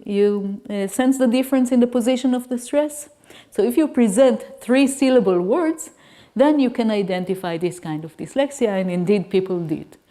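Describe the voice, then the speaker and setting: Woman, guest lecturer, native Hebrew speaker, mellow tone, academic lecture, patient explaining. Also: mid-range voice. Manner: explanatory, frequent restarts and checks with "Okay?". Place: lecture hall.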